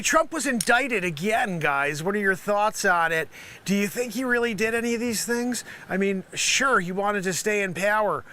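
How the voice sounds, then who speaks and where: A man's voice: sits high, sharp tone, slight background noise. A man hosting a live stream, riffing through an improvised comedy bit as a street reporter with rambling, teasing asides. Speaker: live-stream variety host.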